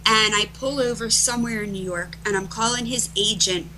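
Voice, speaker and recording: A middle-aged woman, a guest being interviewed, telling stories emphatically and restarting her phrases as she rushes ahead. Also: mid-range voice, pushed and bright, a little hiss or hum, poor audio. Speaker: interview guest, event organizer. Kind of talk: animated storytelling in conversation.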